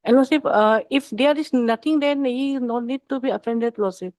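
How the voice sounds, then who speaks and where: A woman's voice: a little high, normal speed, darkish tone, no room sound. A woman arguing as prosecutor in court, insistent, opening and closing nearly every phrase with "Lordship". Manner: says "Lordship" constantly, insistent. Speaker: public prosecutor. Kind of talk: courtroom argument.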